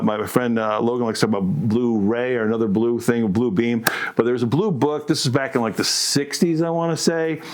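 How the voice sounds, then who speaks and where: Animated provocative male podcast co-host. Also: mid-range voice. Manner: animated, provocative, rhetorical questions, addresses listeners as folks. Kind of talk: casual opinionated monologue.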